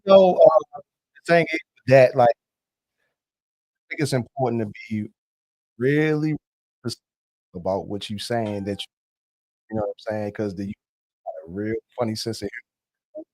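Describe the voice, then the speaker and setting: Male guest, relaxed and chuckly, dry close sound. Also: fairly low pitch, normal speed, pauses often, no echo. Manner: laid-back, laughing. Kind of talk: casual chat.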